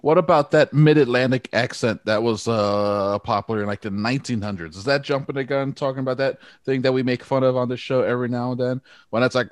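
A man's voice: mid-range voice, fast, hardly any pauses, dry recording, clean studio sound. A man chatting on a podcast, curious and asking follow-up questions. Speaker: podcast co-host. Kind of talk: casual chat.

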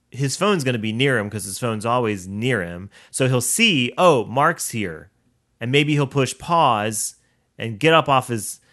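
A man hosts his own show with a comic monologue. His voice is bright and pushed forward. He leans into the sass, swears freely, and tells the story with wide swings in pitch. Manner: sassy, profane, animated storyteller with big pitch swings. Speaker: podcast host.

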